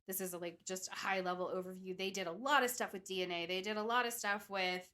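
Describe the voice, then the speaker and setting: A woman's voice: mid-range voice, fairly even intonation, quick pace, bright, forceful tone. A young woman co-hosting a podcast, telling a story in a chatty way with lots of "like" and "um". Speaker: podcast co-host telling the case. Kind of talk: casual chat.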